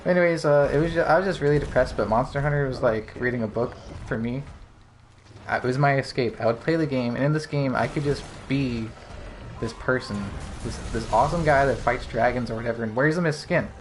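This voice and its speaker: This young man hosts a relaxed gaming podcast and talks at a middle pitch. He tells his stories openly and rambles, with likes and ums scattered through. A faint hiss sits under his voice. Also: fairly quick. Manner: candid, rambling storyteller with frequent fillers. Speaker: podcast host. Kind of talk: casual gaming podcast chat.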